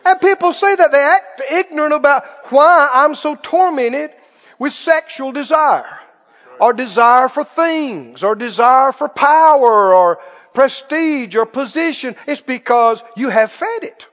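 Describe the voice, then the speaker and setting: High-voiced preacher in an echoey hall. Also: male voice, expressive, measured pace, a bit bright. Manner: emphatic call-and-response preaching. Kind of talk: sermon. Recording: dull, echoey hall sound.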